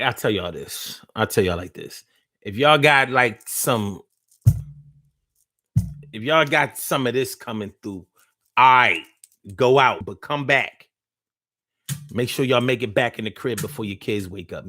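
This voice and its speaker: A man's voice: mid-range voice, animated, normal speed, pushed and bright, dry recording, studio quality, soft background music. Loose, profane male live-show host. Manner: loose, profane, slang-heavy ranting; teasing, talks straight to listeners. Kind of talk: casual live-stream talk.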